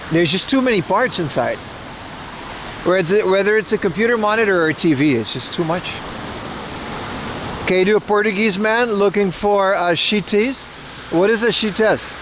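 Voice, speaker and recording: A man's voice: high-pitched, expressive, normal speed, long pauses, background noise. A man hosting a casual outdoor livestream, rambling and joking with playful self-mockery. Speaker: IRL livestream host. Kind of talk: casual walking livestream chat. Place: outdoors at an event in Japan.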